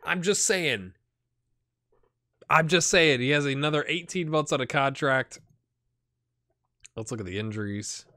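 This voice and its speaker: A man's voice: a little high, expressive, unhurried, pauses often, bright, forceful tone. A man hosting a game channel, talking through a football management save in a rambling, chatty way and thinking aloud with lots of restarts. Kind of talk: casual gameplay commentary.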